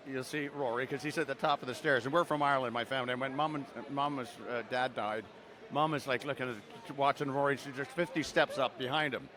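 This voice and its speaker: A man's voice: medium pitch, bright, forceful tone. An older man from Canada, a voice actor guest, telling long rambling stories full of fillers and restarts in a casual interview outdoors at a convention.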